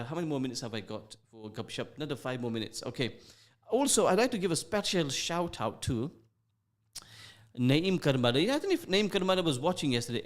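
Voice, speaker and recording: A man chats on air from a radio studio. He reads listener messages with a playful, teasing warmth of delivery, sprinkling in religious phrases. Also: a little high. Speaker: radio host. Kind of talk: casual radio chat reading listener shout-outs.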